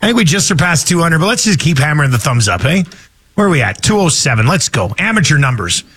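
Upbeat radio host, high and lively. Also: male voice, breathy edge. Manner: upbeat, jokey, quick patter with laughs. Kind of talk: casual morning show banter.

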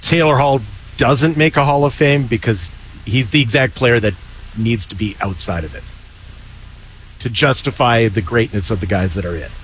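A man co-hosting a casual sports radio show, chatty and full of quick asides. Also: medium pitch, a little hiss or hum, low-quality recording. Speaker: radio co-host.

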